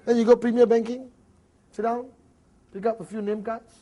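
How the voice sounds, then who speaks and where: A man's voice: very high-pitched, little pitch movement, moderate pace, dark tone, lo-fi sound. A man with a Malaysian English accent giving a motivational network marketing seminar, acting out little dialogues and often laughing.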